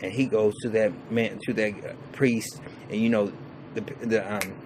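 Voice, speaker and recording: A man's voice: lowish voice, fairly even intonation, normal speed, background noise. A man giving a casual, profane, rambling episode recap, full of restarts and fillers. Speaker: TV show reviewer.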